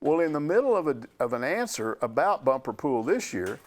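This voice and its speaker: An older man hosting a sports chat, telling a story in a casual, animated way and acting out the quotes. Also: a little high, fairly quick. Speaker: sports reporter answering questions.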